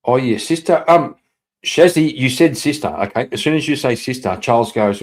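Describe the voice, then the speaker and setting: A male livestreamer with a middle-pitched voice talks casually to his chat. He rambles, laughs a lot and swears freely. Now and then he bursts out loud and excited. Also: moderate pace. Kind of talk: casual livestream chat reading viewer messages.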